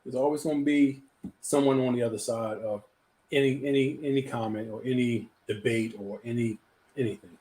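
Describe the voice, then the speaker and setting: A man's voice: medium pitch, steady tone, a little fast, mellow, slight background noise. A man hosting a live talk show, chatting casually and often repeating words as he gets a thought going. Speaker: host.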